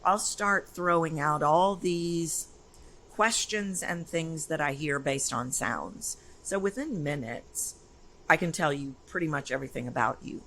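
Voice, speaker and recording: A woman talks as a guest voice coach in a lively, emphatic way. Her tone is bright and forceful. A faint hiss sits behind her voice. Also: deep voice, a little slow, poor audio. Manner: energetic, emphatic, animated storytelling. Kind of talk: casual interview talk.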